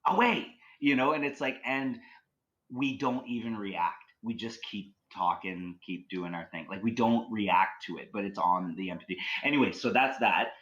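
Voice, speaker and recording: A man's voice: fairly low pitch, normal speed, low-quality recording. A man from Canada, a podcast guest telling stories in a casual, rambling way full of fillers. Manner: rambling, filler-heavy, excitable. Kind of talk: casual storytelling.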